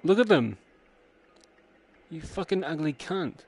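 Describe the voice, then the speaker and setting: A young man streaming a horror game live, cursing constantly and yelling when something startles him. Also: on the high side, expressive, slow, husky. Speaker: gamer streamer. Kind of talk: live gameplay commentary.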